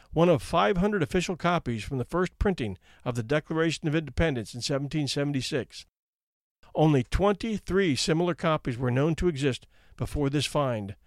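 A man narrating stories with a wry, conversational read, a little higher than most men. The sound is dry and close, with no room around it. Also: no room sound. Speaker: podcast host. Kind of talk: storytelling narration.

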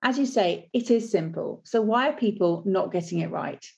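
A woman interviewer asking measured, thoughtful questions. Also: mid-range voice, animated, vocal fry, darkish tone.

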